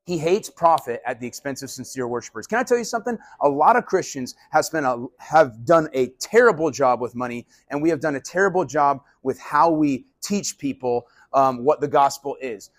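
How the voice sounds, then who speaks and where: A male pastor giving a casual, animated sermon. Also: mid-range voice, moderate pace, hardly any pauses, dry recording. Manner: animated, conversational preaching.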